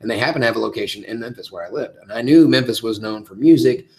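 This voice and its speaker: Animated man chatting live. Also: fast talker. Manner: rambling, animated, big swings of pitch and loudness. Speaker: voice actor hosting a live Q&A. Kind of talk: casual livestream chat answering comments.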